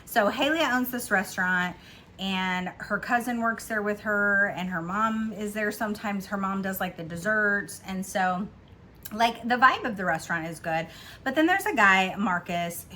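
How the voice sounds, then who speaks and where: A woman chatting casually from home about a book she read, giggling often and filling pauses with ums and likes. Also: medium pitch, pushed and bright, slight background noise. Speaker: book vlogger. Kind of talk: casual book review chat.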